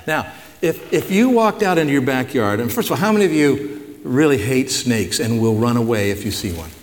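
A man's voice: medium pitch, lively intonation, a little fast. A man preaching a conversational Bible-teaching sermon, tossing questions to his congregation in a folksy way. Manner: folksy, asks the audience questions. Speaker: pastor. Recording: long hall reverb.

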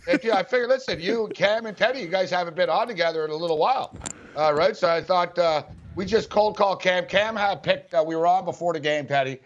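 A man hosting a sports betting show, talking loudly and laughing as he jumps in over his co-hosts. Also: high-pitched, a little fast, muffled recording, a little hiss or hum. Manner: loud, laughing, talks over others. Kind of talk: casual sports betting chat.

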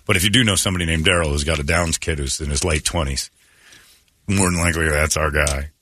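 A man's voice: a bass voice, fast, pushed and bright, dry recording. A man hosting a morning radio show, joking and rambling in casual banter at a studio microphone.

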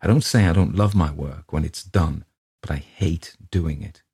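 A man's voice: a bass voice, normal speed, vocal fry, darkish tone, slightly rough, heavily acted. A man voicing a weary, petulant writer of forty-four who complains about his work.

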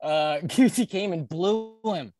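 A man's voice: sits high, takes it slowly, mellow. A man co-hosting a podcast in casual chat, rambling through a crude, profane story and often cracking up laughing. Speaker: podcast co-host.

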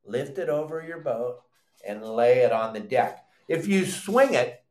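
An older man hosting a live fishing show, teaching in an animated, loud way with surfer slang. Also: medium pitch, measured pace, reverberant. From Southern California.

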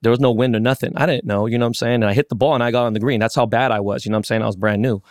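A man's voice: medium pitch, very fast, no room sound, studio quality. A man co-hosting a podcast, telling a story casually with lots of swearing and acted-out quotes. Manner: animated, profane, acts out quotes. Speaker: podcast co-host.

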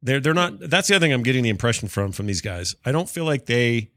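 A man's voice: mid-range voice, lively intonation, fast, sharp tone, no echo. A man chatting on a gaming podcast, rambling eagerly and restarting his sentences with plenty of fillers. He sounds a bit stuffy from allergies, and his voice sits mid-range. The studio mic is close and dry. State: sneezy, coughing from allergies. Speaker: podcast co-host. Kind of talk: casual gaming podcast chat. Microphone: studio mic with cough switch.

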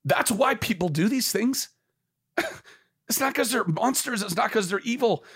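A man's voice: high-pitched, expressive, moderate pace, fairly bright tone, slightly rough. A man talking earnestly and with passion in a casual conversation, swearing freely and sometimes dropping to a whisper.

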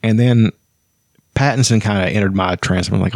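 A man's voice: low-pitched, quick pace, darkish tone, no room sound, clean studio sound. A man co-hosting a podcast, rambling casually with frequent restarts and swearing. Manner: rambling, profane, restarts sentences. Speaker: podcast co-host. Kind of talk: casual chat.

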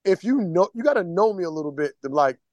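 A man's voice: high voice, big pitch swings, fast, darkish tone, dry recording, dull audio. A young man co-hosting a podcast in casual chat, blunt and profane, telling stories with acted-out quotes. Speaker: podcast co-host.

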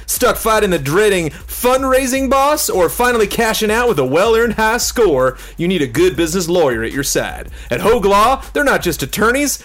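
A man doing a drawling cowboy sponsor announcer. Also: sits high. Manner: drawn-out, showy drawl. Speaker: podcast host. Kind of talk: mock sponsor read.

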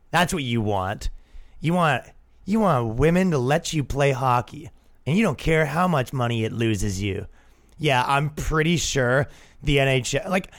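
A male comedian and podcast host riffing in a casual comedic monologue, animated and quick to slip into voices. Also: mid-range voice.

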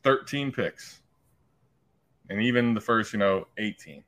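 A man co-hosting a casual podcast, talking things through in a relaxed way. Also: fairly low pitch, unhurried. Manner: relaxed, thinks aloud with restarts. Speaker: podcast co-host.

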